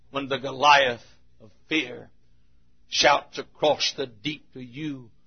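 A man's voice: medium pitch, creaky. A man preaching a sermon in a church with an emphatic, repetitive cadence. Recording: muffled lo-fi recording.

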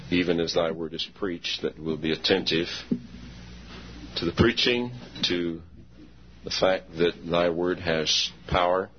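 A man leading a solemn, measured prayer before a sermon in a large church. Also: low-pitched, fairly even intonation. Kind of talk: public prayer. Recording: dull lo-fi church recording with faint noise.

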